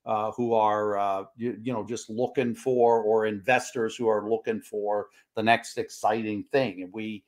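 A man's voice: on the low side, little pitch movement, measured pace, hardly any pauses. Older man hosting a podcast, rambling. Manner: rambling, restarts his questions. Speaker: podcast host. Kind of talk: casual podcast interview.

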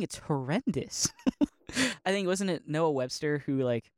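Young guy, loose rambling monologue, laughs often, bit high, dry close mic. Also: expressive, moderate pace, a little mellow, no room sound. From Northeast Ohio. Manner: rambling, laughs often, many likes and restarts. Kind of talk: casual monologue.

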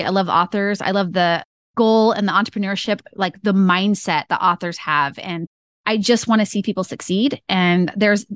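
A woman's voice: mid-range voice, a bit bright, no echo, studio quality. A middle-aged woman speaking as a podcast guest, blunt and upbeat, laughing often. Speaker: guest, ad consultant. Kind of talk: casual podcast interview.

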